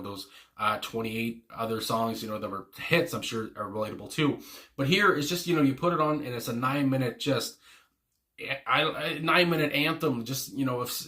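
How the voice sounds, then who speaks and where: Bright-voiced rambling man reacting to music. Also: medium pitch. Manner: rambling, full of fillers and restarts; gushing, enthusiastic. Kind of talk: casual reaction commentary.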